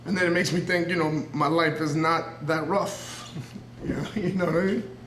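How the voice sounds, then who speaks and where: New York wrestler in his 30s, earnest, rambling promo, fairly high voice, roomy sound. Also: fairly even intonation, normal speed, fairly bright tone, slight background noise. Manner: earnest and intense, rambling, circling back on himself. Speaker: professional wrestler. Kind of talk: raw unscripted wrestling promo interview. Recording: roomy echo.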